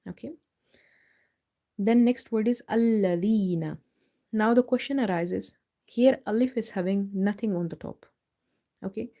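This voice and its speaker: In a live online lesson, a woman teaches Quran recitation, explaining things patiently one step at a time and slowly stretching out each example word. Her voice is medium in pitch, warm, and creaky.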